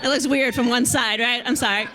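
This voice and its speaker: A woman's voice: on the high side, fairly even intonation, a little fast, a crowd in the background, background noise. A female stand-up comedian on a club stage, giggly and self-conscious as she talks. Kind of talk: stand-up routine.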